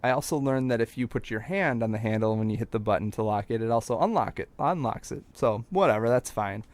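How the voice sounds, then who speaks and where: A man's voice: medium pitch, fast talker. A young man on a podcast casually telling a rambling personal story, with plenty of filler words and restarts.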